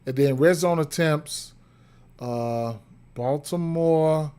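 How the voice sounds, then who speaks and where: Man, slightly high voice, casual betting stream talk, rambling, repeats himself, hiccups. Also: unhurried. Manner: rambling, repeats words, frequent fillers and "right?". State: has the hiccups. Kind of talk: casual livestream betting analysis.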